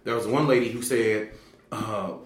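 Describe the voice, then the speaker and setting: A man telling a story in casual conversation, animated and slangy, with many fillers and restarts. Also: moderate pace, roomy sound. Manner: animated, acts out quoted people with big pitch jumps. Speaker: guest telling his story.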